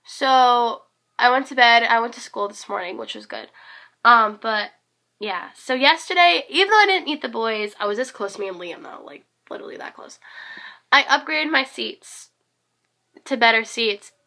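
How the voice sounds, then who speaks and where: Teen girl vlogger, hoarse, crisp bright voice, casual rambling recap with lots of ums. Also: a little high, lively intonation, moderate pace. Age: teens. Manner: rambling, gushing, many fillers. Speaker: concert fan vlogger.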